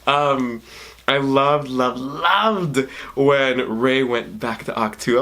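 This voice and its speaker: A gushing young man in his twenties rambling through an excited movie review. He talks at a middling pitch, keeps restarting his sentences and hopping from one point to the next. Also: slow pace, a little hiss or hum. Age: 20s. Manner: emotional, near tears at times. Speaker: vlogger.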